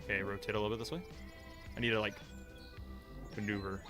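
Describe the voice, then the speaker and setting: A man's voice: fairly low pitch, level tone, fast. A male streamer giving casual live gameplay commentary, muttering to himself in a self-mocking, frustrated way. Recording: game music behind.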